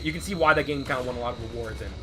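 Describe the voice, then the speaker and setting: A man's voice: mid-range voice, very fast. A man co-hosting a let's play, telling rambling, profane stories in casual gameplay commentary and acting out voices as he goes. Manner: animated, acts out voices in anecdotes.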